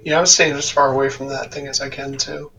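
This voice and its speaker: A man's voice: medium pitch, little pitch movement, fairly quick, gravelly, bright, forceful tone, far from the mic, a little hiss or hum. A man playing a tabletop game, thinking aloud and asking about routes. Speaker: player. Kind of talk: casual tabletop play.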